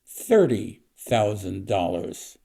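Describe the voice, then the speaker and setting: A man voicing a determined elderly woman bidder with terse, low-key lines. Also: sing-song, slow, warm tone, exaggerated voice.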